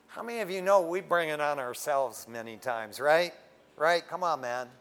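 Man, high voice, casual folksy sermon, frank, standing before a congregation. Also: a bit bright. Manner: folksy and frank, often tags lines with "man". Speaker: preacher.

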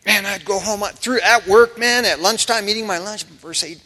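A man's voice: high-pitched, normal speed, hardly any pauses. A man preaching a sermon in a church, telling stories casually and acting out quotes with humor. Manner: animated, casual storytelling with humor and acted-out quotes. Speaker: pastor. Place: church sanctuary. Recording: preached in a reverberant church hall.

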